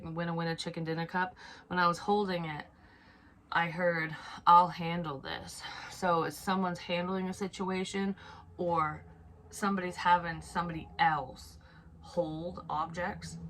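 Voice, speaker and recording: A woman giving an unscripted psychic reading, soft and hesitant, thinking aloud with many restarts and casual swearing. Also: fairly low pitch, slight background noise. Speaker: psychic medium.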